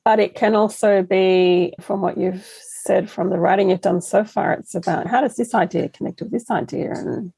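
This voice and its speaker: A woman hosting a podcast interview, asking gentle, affirming questions. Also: mid-range voice, steady tone, normal speed, gravelly, hardly any pauses, slightly rough, no echo, rough recording. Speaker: podcast host.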